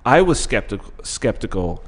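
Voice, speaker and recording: A man co-hosting a podcast in casual chat, talking excitably with swearing and many restarts. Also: fairly low pitch, moderate pace. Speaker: podcast co-host.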